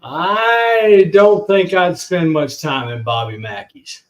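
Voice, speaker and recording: A man hosting a paranormal talk show, chatting casually and exclaiming excitedly as he watches footage. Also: high voice, slow, roomy sound, dull audio. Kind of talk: casual chat reacting to video.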